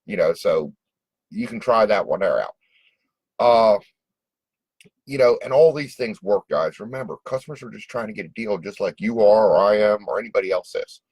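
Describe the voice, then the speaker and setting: A man's voice: on the low side, expressive, normal speed, darkish tone, slightly rough, no room sound, poor audio. Folksy man giving business advice. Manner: folksy, direct, acts out customer calls. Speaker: small business coach. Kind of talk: casual advice monologue.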